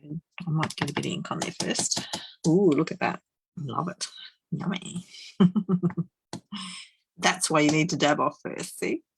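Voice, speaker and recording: A woman's voice: low voice, unhurried, creaky, pauses often, a little hiss or hum, low-quality recording. A woman doing a live card-making demonstration, chatting and laughing as she works and murmuring to herself. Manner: chatty, giggly, murmurs to herself while working.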